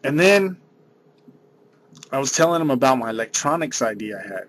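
A man's voice: medium pitch, big pitch swings, normal speed, a little hiss or hum. Rambling slangy man vlogging. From San Diego area. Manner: slangy, rambling, says dude a lot. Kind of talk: casual rambling monologue.

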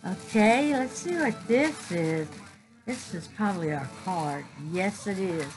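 Gushing woman, slow-talking. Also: mid-range voice, music in the background, rough recording. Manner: gushing, excitable, talks straight to viewers. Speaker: crafting vlogger. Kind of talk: casual chat to camera.

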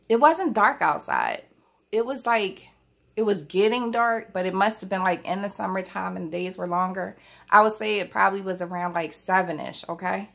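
A chatty woman telling a childhood story to her viewers from home, her voice carrying a noticeable gravelly fry. She keeps things casual and talks directly to the audience in a relaxed storytime manner. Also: medium pitch. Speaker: vlogger. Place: at home, family in the house.

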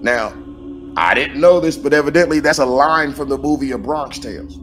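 Animated man riffing colloquially as host. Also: medium pitch, normal speed, soft background music. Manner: colloquial, emphatic, talks back to himself with exclamations. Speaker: podcast host. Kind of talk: animated conspiracy commentary.

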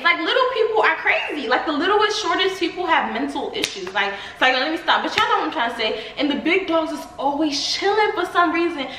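A young woman chatting casually to her viewers in a home vlog, excitable and talkative, often saying y'all. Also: high voice, echoey room, slight background noise, rough recording. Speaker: vlogger.

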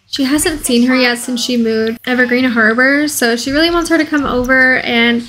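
A woman's voice: sits high, normal speed, a bit bright, rough recording. A woman hosting a casual let's play video, commentating in a bubbly, gushing way.

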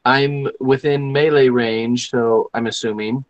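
Slow-talking man playing a tabletop game. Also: mid-range voice, fairly even intonation, highs cut off. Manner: deliberate, describing his moves step by step. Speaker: player. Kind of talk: casual game chat.

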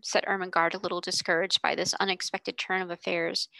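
A woman narrating a classic children's novel aloud in a measured storytelling manner. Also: lowish voice, little pitch movement, creaky, sharp tone, no room sound, rough recording. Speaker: reader. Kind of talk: audiobook narration.

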